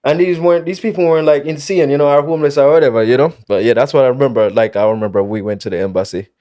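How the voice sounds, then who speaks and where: A man's voice: mid-range voice, rapid-fire, mellow. A young man from Jamaica hosting a casual podcast chat, telling stories with lots of fillers. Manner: chatty storyteller, many fillers and laughs. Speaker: podcast host.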